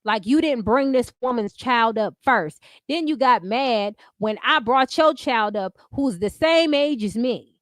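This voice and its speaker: A woman's voice: fairly high pitch, expressive, measured pace, dry recording. A woman hosting an unscripted commentary stream, talking bluntly with heavy profanity and repeating her catchphrases.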